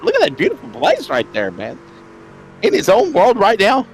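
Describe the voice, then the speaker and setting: Gravelly, lively joking male commentator. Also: sits high, moderate pace, a little hiss or hum. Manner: jokey, laughing banter. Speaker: race color commentator. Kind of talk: sim racing broadcast commentary.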